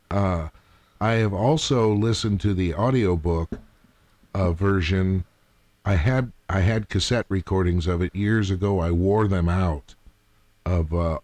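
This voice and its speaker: A man co-hosting a book podcast, with measured, dry humor. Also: sits low, a little mellow, no room sound. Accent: American. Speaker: podcast co-host. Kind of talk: casual book-club chat.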